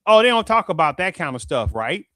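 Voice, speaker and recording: A man's voice: high-pitched, sing-song, a little fast, sharp tone, no room sound. A man hosting his own show, talking in a casual commentary monologue and asking rhetorical questions like "right?" again and again. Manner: rhetorical, repeats "right?" and "do you understand that?". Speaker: show host.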